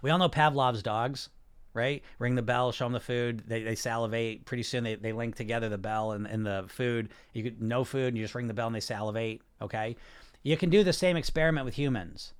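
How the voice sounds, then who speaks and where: A man's voice: mid-range voice, a little fast, clean tone. A man hosting a podcast, talking bluntly and with plenty of swearing about weight loss and the subconscious mind, firing rhetorical questions at his listeners. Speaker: podcast host, hypnosis weight-loss coach. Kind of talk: casual podcast monologue.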